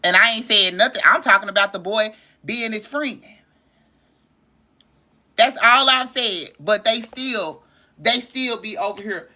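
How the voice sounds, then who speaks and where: A woman's voice: mid-range voice, a little slow, long pauses, sharp tone. A woman, hosting a casual livestream and talking straight to her viewers in a chatty, emotional way. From Arkansas. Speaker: livestream host.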